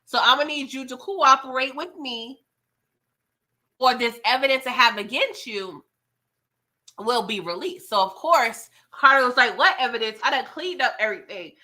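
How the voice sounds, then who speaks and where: A woman's voice: high-pitched, expressive, moderate pace, pushed and bright. A woman hosting a casual live show recap, chatty and laughing often, retelling scenes in quoted voices. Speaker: TV recap host.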